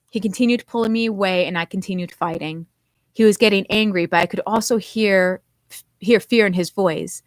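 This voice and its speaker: A woman's voice: mid-range voice, normal speed, no room sound. Woman author reading her novel aloud. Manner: expressive first-person narration.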